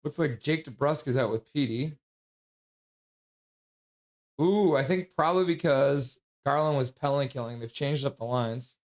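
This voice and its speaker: A man streaming live hockey play-by-play, excitable and blunt, chatting casually with his viewers between plays. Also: mid-range voice, normal speed, long pauses. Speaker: streamer doing fan play-by-play.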